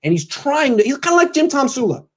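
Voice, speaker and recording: Very high-pitched and very animated, this Californian sports blogger in his thirties talks quickly as he hosts a casual pregame show. His storytelling is laced with sarcastic asides and mock voices.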